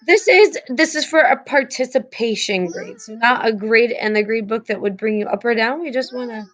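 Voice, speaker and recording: Woman, young adult, teacher, video call class, slightly high voice, chatty, filler words. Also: moderate pace, fairly bright tone. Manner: chatty, filler-heavy, many restarts.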